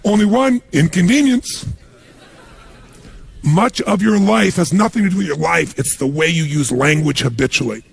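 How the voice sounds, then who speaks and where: Gravelly, husky motivational speaker man. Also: a little high, normal speed. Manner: storytelling, acts out quoted voices. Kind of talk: motivational talk.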